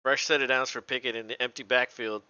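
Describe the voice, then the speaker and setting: A man casually calling a football game play by play, relaxed, laughing often and swearing freely. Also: medium pitch, quick pace, clear, resonant tone, dry recording, dull audio. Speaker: co-host doing play-by-play.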